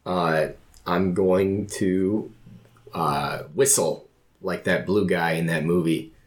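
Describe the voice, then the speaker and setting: A man's voice: low voice, takes it slowly. A man playing in a casual tabletop game, calling out his moves in a playful way. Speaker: player.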